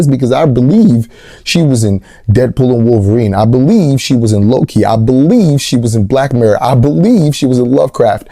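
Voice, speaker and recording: A man giving a comedic movie review, animated and rambling, with big jumps in pitch on his jokes. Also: moderate pace, no echo, studio quality. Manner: rambling with restarts and asides.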